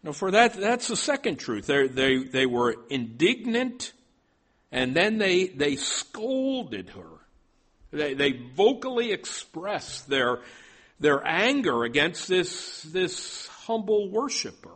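A man's voice: a little high, big pitch swings, slow, fairly bright tone. A male pastor preaching a sermon, stopping often and repeating his words as he goes.

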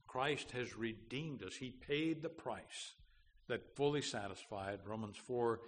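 Earnest pastor preaching in a reverberant church. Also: male voice, mid-range voice, slow pace. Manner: earnest, with frequent fillers and restarts, rising to emphatic declarations. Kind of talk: sermon. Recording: long hall reverb, faint background noise.

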